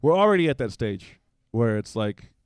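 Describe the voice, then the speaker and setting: A man's voice: medium pitch, sing-song, normal speed, smooth, no room sound, clean studio sound. A man in his forties, a guest in a casual conversation, telling a personal story and acting out quoted dialogue in livelier voices, with frequent restarts.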